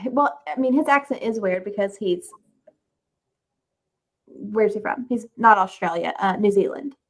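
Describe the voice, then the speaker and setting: A woman's voice: mid-range voice, a little slow. A young woman co-hosting a casual recap chat, easygoing and agreeable. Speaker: podcast co-host.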